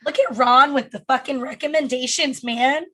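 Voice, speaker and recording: A woman's voice: high-pitched, steady tone, normal speed, sharp tone. A woman co-hosting a casual comedy podcast, chatty and loose, trailing off with fillers and the odd swear word. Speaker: podcast co-host.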